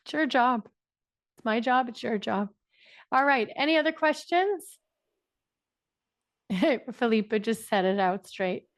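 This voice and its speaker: Irish woman with a high voice leading a punchy motivational coaching session. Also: expressive, slow, pauses often, dry recording, clean studio sound. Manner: emphatic, repetitive, laughs often. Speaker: business coach.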